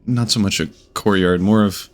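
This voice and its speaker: A man's voice: fairly low pitch, steady tone, normal speed. A man running a tabletop game as game master, narrating in a hesitant, trailing way with many fillers.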